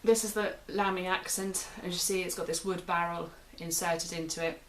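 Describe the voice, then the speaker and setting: A woman's voice: fairly low pitch, steady tone, moderate pace, fairly bright tone, slight background noise. A British woman hosting a pen review show, chatting casually and often repeating herself as she describes the pen. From United Kingdom. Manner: chatty, repeats and restarts phrases while describing.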